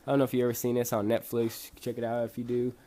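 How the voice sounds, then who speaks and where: A man's voice: mid-range voice, completely flat delivery, fast, warm tone, a little hiss or hum. Laid-back young man rambling through a story. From Bosnia. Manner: laid-back, rambling, profane, lots of fillers. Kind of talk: casual story vlog.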